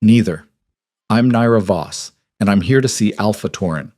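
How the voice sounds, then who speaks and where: A man's voice: fairly low pitch, moderate pace, a little mellow, no room sound, clean studio sound, close to an everyday voice. A man voicing a cool, defiant cast-out queen. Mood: steely. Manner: cool, level and unyielding. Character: defiant young woman, a cast-out wolf queen.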